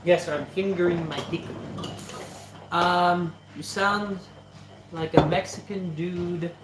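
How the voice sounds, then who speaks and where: A man's voice: high voice, steady tone, slow pace. A young man hosting a cooking livestream, rambling and joking with his chat while he preps food. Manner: rambling, jokey, talks to chat. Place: home kitchen. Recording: echoey kitchen with chopping noise.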